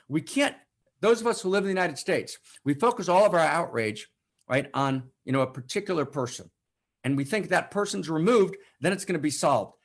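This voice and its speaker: Fervent man preaching with a lively voice. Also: a little high. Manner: fervent, swings between loud declarations and hushed asides; keeps adding "right?" as a tag. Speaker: host of weekly online spiritual broadcast. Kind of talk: impassioned spiritual talk. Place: home setup for an online broadcast.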